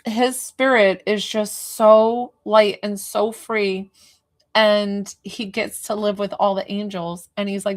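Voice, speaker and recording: Lady medium doing a live reading, talks in circles, lots of um and like, mid pitch. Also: slow pace. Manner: rambling, hesitant, full of fillers and restarts. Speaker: psychic medium. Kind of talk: live spirit reading to a viewer.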